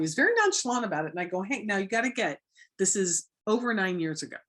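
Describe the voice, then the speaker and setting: A woman from Florida, a guest on a talk show, telling her story in a lively way and acting out the voices of the people she quotes. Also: mid-range voice, fast. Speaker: guest, anti-trafficking educator. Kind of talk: casual interview talk.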